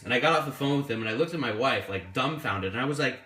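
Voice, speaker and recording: A man telling an animated, exasperated story in a casual vlog. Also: mid-range voice, quick pace, few pauses. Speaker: sneaker collector and museum host. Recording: echoey room, voice from far off.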